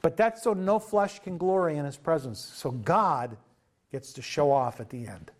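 Chatty pastor guy telling a bible story, fairly high voice, keeps it loose. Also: normal speed. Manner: conversational, animated storytelling. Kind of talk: informal sermon.

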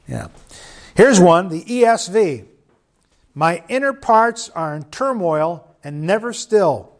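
A man's voice: high voice, darkish tone. A man preaching a sermon in church, conversational and joking with the congregation. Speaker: pastor.

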